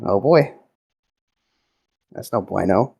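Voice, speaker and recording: A man's voice: fairly low pitch, animated, takes it slowly, creaky, mellow, breathy edge, dry recording. A man playing a tabletop role-playing game, bantering and laughing between rolls. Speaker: player. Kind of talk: tabletop role-play chat.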